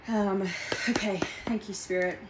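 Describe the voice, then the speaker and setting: A woman's voice: mid-range voice, fairly even intonation, measured pace, noisy background. A woman in her twenties giving a casual, rambling tarot reading from home, heartfelt and full of restarts and fillers. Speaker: tarot reader.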